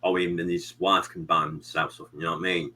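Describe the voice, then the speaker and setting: Deep-voiced rambling British man. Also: little pitch movement, fast, sharp tone, slight background noise, low-quality recording. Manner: rambling, many fillers and "you know what I mean". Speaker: live stream host. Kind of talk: casual chat.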